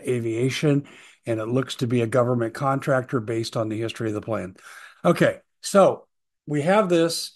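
A middle-aged man hosting his own show, talking urgently and earnestly, hoarse from talking all day. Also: medium pitch. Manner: urgent, earnest, reading out posts. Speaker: host. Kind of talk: solo show monologue.

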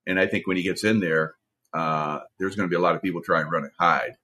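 A man's voice: low voice, fairly even intonation, fast, bright, forceful tone. A man in his sixties, a former Navy SEAL, telling stories in a rambling, casual way, with many "uh" fillers and restarts. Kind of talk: casual storytelling monologue.

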